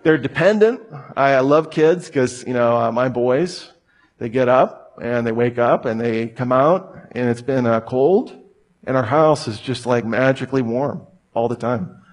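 A man's voice: medium pitch, measured pace. A man in his thirties preaching a sermon in a casual, chatty way, with laughing asides. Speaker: pastor.

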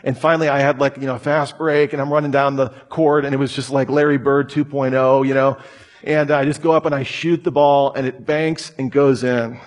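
A man's voice: medium pitch, flat delivery, a little fast. A man in his thirties preaching a sermon in a casual, chatty way, with laughing asides. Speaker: pastor.

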